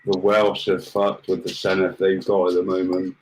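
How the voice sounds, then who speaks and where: A man's voice: deep voice, monotone, moderate pace, a little mellow, slight background noise, poor audio. A man in casual banter, making blunt, swearing remarks.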